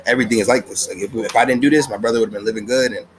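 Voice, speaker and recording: A hot-headed teenage boy alchemist, as a man retells him, sounds weighed down by guilt. The voice is low and talks in loose slang, with faint noise behind. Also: steady tone, rapid-fire, lightly acted, poor audio. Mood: guilty.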